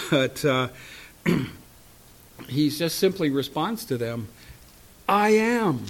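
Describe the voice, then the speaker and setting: A man's voice: medium pitch, animated, very slow, creaky, husky. A man teaching a Bible study, chuckling often and reading scripture aloud with emphasis.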